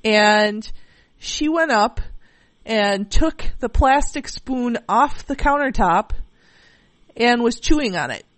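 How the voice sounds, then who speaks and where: A woman's voice: a little high, animated, slow, no room sound. A woman co-hosting a podcast, telling a rambling story with many fillers and restarts. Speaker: podcast co-host. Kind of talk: casual chat.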